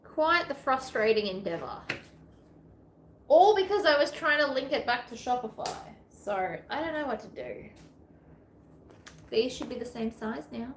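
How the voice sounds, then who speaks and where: Australian woman, sewing vlogger, higher voice, chatty and self-mocking, echoey room. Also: normal speed. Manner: chatty, self-deprecating, rambling asides. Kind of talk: casual sewing tutorial chat. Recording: echoey room with faint ambient noise.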